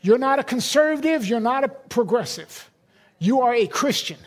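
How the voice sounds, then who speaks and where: A man's voice: very high voice, lively intonation, normal speed. A middle-aged man, a pastor, preaching a sermon in a conversational, emphatic way with personal stories.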